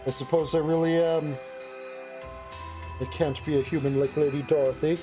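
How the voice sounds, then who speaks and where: A streamer voicing Sirius, a gruff, prickly young man in a visual novel who grumbles irritably but cares underneath. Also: on the high side, steady tone, moderate pace, music in the background, voice pushed down, lightly acted. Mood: gloomy. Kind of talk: reading a game's dialogue aloud on stream.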